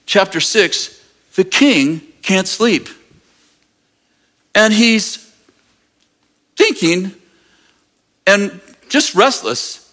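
Animated man preaching a sermon. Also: high-pitched. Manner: animated storyteller, acting out characters. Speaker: pastor.

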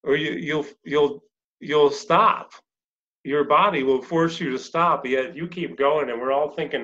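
A man's voice: on the high side, a little slow, fairly bright tone. A man hosting a casual interview, praising his guest with effusive enthusiasm. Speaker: host. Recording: dull lo-fi sound.

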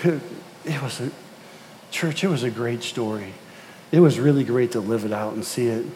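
A man's voice: medium pitch, normal speed, warm tone, a little hiss or hum. A middle-aged man preaching a sermon as pastor, telling family stories and repeating words as he builds to emphatic exhortation. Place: church sanctuary. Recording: long reverb of a church hall.

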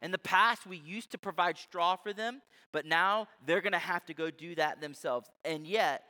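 A man's voice: high-pitched, moderate pace, bright, forceful tone. A male preacher voicing a proud, contemptuous ancient king who gives orders dismissively, in a hall with long reverb. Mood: commanding. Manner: commanding, dismissive.

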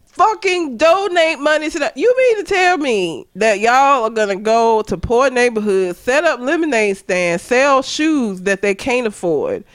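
A woman's voice: fairly high pitch, animated, a little slow. A young adult woman co-hosting a casual comedy podcast, blunt and profane, laughing often as she rants. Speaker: podcast co-host.

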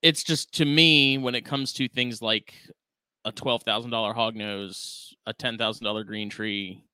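A man's voice: medium pitch, steady tone, a little slow, bright, forceful tone, clean tone, no echo. A man co-hosting a podcast in casual chat, talking bluntly with a lot of filler words. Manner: blunt, sweary, lots of "like" fillers. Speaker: podcast co-host.

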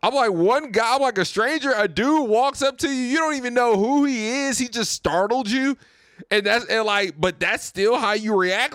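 A man's voice: very high voice, lively intonation, a little slow, a bit bright, smooth, no echo, studio quality. A young man hosting his own podcast, ranting casually and profanely, often repeating himself. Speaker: podcast host. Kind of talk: casual rant.

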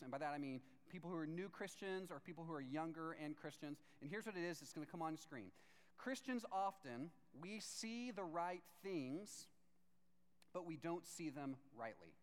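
A man in his thirties preaching a sermon as a pastor, lively and conversational, acting out voices as he tells the story. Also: fairly high pitch. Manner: animated, acts out voices while reading scripture. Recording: long reverb of a large hall.

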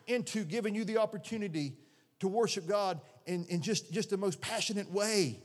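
A man's voice: sits high, normal speed, a little hiss or hum. Earnest preaching man in a reverberant hall. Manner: earnest, conversational preaching with many restarts. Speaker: pastor. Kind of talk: sermon. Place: church sanctuary. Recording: long reverb of a large hall.

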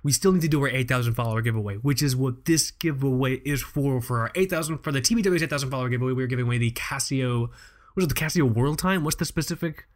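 A man's voice: medium pitch, quick pace. A man co-hosting a chatty podcast. He keeps it loose and joking and swears casually as he talks. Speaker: podcast co-host. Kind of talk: casual chat.

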